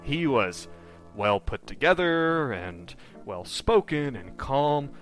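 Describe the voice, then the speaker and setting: A man's voice: mid-range voice, very animated, takes it slowly, soft background music. A man narrating a tabletop horror game as game master, rambling and descriptive with many fillers.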